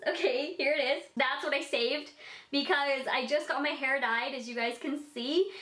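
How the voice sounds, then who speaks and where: A woman's voice: high-pitched, moderate pace, a bit bright, reverberant. A young adult woman answering fan questions in a bubbly, rambling vlog chat, full of "like". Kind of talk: casual Q&A vlog.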